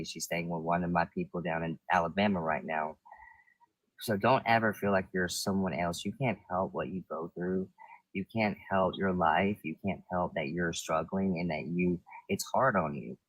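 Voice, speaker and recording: A man's voice: low-pitched, steady tone, normal speed, dry recording, low-quality recording. A man hosting a live stream, talking casually and reassuringly with emphatic encouragement. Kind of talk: casual supportive chat.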